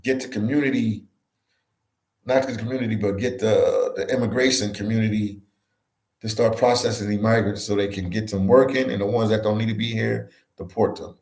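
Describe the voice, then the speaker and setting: In an office room with echo, a Philadelphia man who makes travel vlogs reads livestream comments aloud and reacts conversationally. He speaks a little fast in a lowish, steady, darkish voice.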